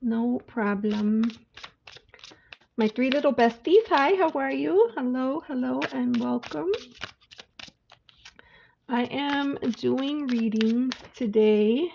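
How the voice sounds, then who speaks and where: A woman's voice: sits high, takes it slowly, creaky, pauses often, a little mellow. A woman hosting a casual livestream of card readings, chatty and greeting viewers by name. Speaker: livestream tarot reader. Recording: dull lo-fi audio with faint hiss.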